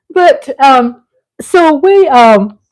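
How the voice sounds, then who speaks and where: A woman's voice: high voice, darkish tone. A woman with a Southern US accent hosting a casual livestream vlog, chatty and playful, laughing often. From Texas. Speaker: vlog host.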